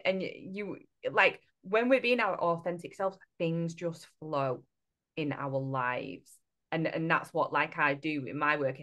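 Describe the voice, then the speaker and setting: A woman's voice: sits low, a bit bright. A woman co-hosting a podcast as a spiritual coach, talking in an earnest, reflective way with many fillers and restarts. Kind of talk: casual podcast chat.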